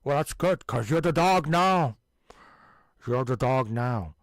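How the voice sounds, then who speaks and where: A man doing an impression of an older Scottish film star, with a deep, slow, teasing put-on Scottish accent. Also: expressive, dry recording, clean studio sound. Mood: playful.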